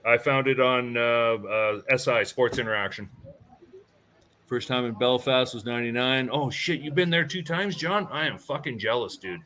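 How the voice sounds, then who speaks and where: A man's voice: mid-range voice, moderate pace. A man hosting a live sports betting stream, chatting casually with energy and reading viewer comments aloud. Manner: energetic, reads chat aloud, fillers like "right?". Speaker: betting show host.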